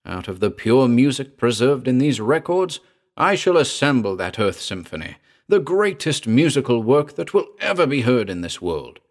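Male reader as a driven genius composer, lecturing, low-voiced, rapt. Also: lively intonation, measured pace, a little mellow. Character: grand obsessed male composer-inventor.

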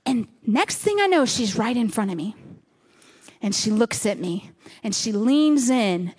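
A woman pastor telling a vivid story to her congregation, animated and dramatic, dropping to a hush at tense moments. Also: a little high, measured pace, husky. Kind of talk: storytelling sermon. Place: church stage before a congregation.

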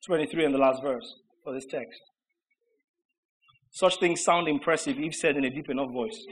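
A man preaching a sermon, emphatic and rhetorical, with mocking repetition that swings between shouted lines and low asides. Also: normal speed, noisy background.

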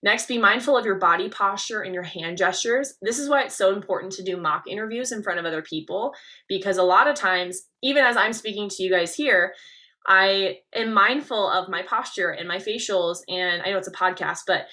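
Bright, energetic woman coaching podcast host. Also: medium pitch, fairly quick. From Nebraska. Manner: energetic, leaning-in delivery with emphatic stresses.

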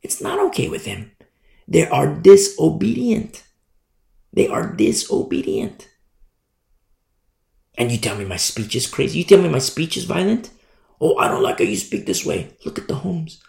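Guy preaching hard, gravelly voice, echoey church room, loud then quiet. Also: sing-song, normal speed, long pauses. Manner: impassioned, emphatic preaching with big swings in pitch and loudness; repeats words for emphasis, acts out quoted voices. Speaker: pastor. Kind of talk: sermon.

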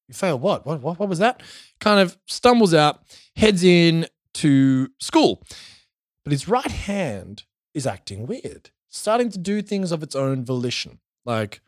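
A man's voice: medium pitch, no echo, studio quality. A man from Australia casually recapping a show as podcast co-host, telling it with energy and swearing. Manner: animated storytelling with swearing.

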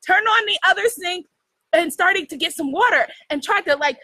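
High-voiced woman telling a story to her viewers, bright and animated, laughing a lot, dry close sound. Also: moderate pace, no room sound. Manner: animated, laughs often, asks "right?". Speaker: host addressing her viewers. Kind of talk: casual storytelling chat.

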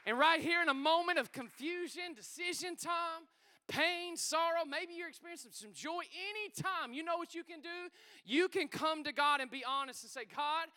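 A male pastor, preaching a sermon in a church in an excitable, energetic, joking way. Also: very high-pitched, normal speed. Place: church sanctuary.

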